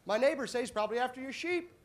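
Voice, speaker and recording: A man doing a stand-up comedy routine on a club stage, deadpan setups that burst into shouted punchlines. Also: very high-pitched, quick pace. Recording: live club audience laughing. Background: audience laughter and applause.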